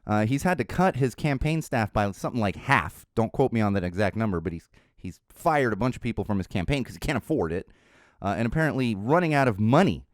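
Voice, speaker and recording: A middle-aged man hosts a casual podcast, his rather low voice swinging up and down with lots of life. He rambles as he tells stories, restarting sentences and drifting into asides. The sound is close and dry, with no room around it. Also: animated, a little fast, no room sound. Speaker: podcast host.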